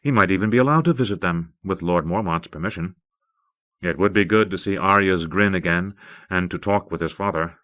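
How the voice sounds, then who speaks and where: A man reading an audiobook in a steady, measured way, from an old cassette tape. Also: deep voice, highs cut off. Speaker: audiobook narrator. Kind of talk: scripted narration.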